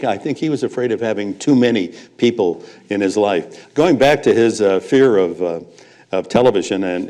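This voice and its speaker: An older man shares stories as a guest at a live event. His voice sits a little low. He tells them like a seasoned raconteur, with a chuckle after each punchline. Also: a little mellow. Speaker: guest, veteran sportscaster. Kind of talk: storytelling anecdotes on stage. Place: live event before an audience.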